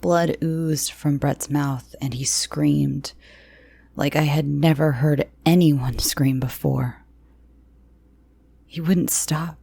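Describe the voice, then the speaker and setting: A woman narrating a first-person horror story in a slow, hushed, tense reading. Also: low-pitched, vocal fry, slightly rough, dry recording.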